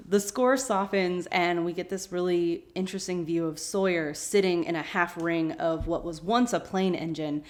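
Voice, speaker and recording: A woman with a somewhat low voice talks through a TV episode scene by scene. She is chatty and opinionated, slips into the characters' lines as she recaps, and laughs easily along the way. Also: normal speed, few pauses. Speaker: podcast host.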